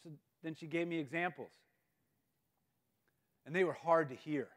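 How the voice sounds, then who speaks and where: A man in his thirties, a guest speaker telling a personal story, acting out the quoted lines and dropping to quiet asides. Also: a little high, normal speed. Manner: animated storyteller, acts out quoted lines, drops to near-mutters for asides. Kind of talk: storytelling speech. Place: school event space.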